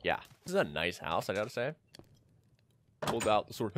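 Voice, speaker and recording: A man's voice: low voice, fairly bright tone. Rambling young man gaming. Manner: rambling, joking asides. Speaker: gamer. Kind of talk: casual let's-play commentary.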